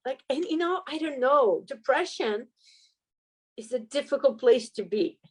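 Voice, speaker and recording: A woman's voice: sits high, expressive, measured pace, a little mellow, breathy edge, poor audio. A middle-aged woman sharing a personal story as an interview guest, speaking candidly and expressively, with laughter breaking into hard moments. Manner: earnest, heartfelt. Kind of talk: emotional personal testimony.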